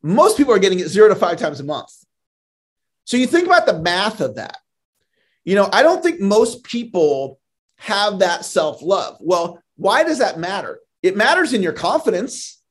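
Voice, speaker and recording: A man's voice: high voice, sing-song, moderate pace. A man speaking as a sales trainer in a podcast interview, earnest and motivational, often repeating a word as he starts a thought.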